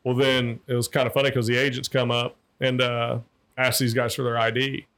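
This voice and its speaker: A man's voice: medium pitch, flat delivery, a little fast, fairly bright tone. Man telling rambling cop stories. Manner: rambling, profane, repeats words while restarting. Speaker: former liquor enforcement agent, guest. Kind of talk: casual anecdotal storytelling.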